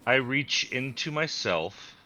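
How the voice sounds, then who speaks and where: A man's voice: mid-range voice, animated, slow pace, sharp tone, a little hiss or hum. A man playing a tabletop game, stating his character's actions in a matter-of-fact way. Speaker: player.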